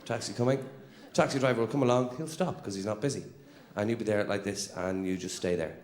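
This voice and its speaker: A man's voice: on the low side, fast talker, darkish tone, reverberant. A man telling stand-up stories and mimicking people. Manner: conversational storytelling, mimics people. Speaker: stand-up comedian. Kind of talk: stand-up comedy.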